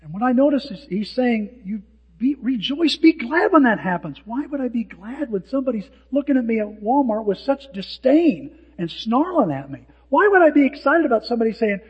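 A male pastor preaching a sermon in an animated way, acting out the lines of people who mock. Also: extremely high pitch, a little fast, breathy edge. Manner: animated, acts out hecklers' lines. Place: church sanctuary. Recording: dull sound with long hall reverb.

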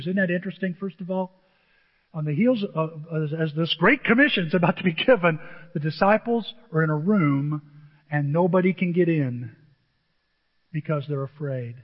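Excitable high-voiced male pastor preaching. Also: moderate pace. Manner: animated, excitable, swings into high exclamations; self-described emotional. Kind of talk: sermon. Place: church sanctuary with a screen. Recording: dull, long hall reverb.

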